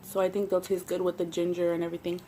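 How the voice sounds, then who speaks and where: A woman's voice: lowish voice, quick pace, slight background noise. A young woman with a Southern Californian accent, telling blunt, profane stories while eating for her vlog. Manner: blunt, profane, animated storytelling. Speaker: mukbang vlogger. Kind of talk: casual storytelling while eating.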